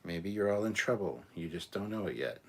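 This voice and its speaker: A man's voice: low voice, expressive, fairly quick, a little mellow, breathy edge. A man hosting his own channel, chatting casually in a rambling, jokey way with many fillers. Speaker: channel host. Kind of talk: casual livestream chat.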